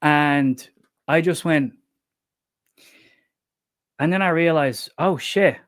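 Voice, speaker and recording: A man's voice: fairly high pitch, slow pace. An Irish man from Dublin co-hosting a book channel's livestream chat, telling anecdotes with frequent laughter and casual swearing. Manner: lively storytelling, laughs often, swears casually.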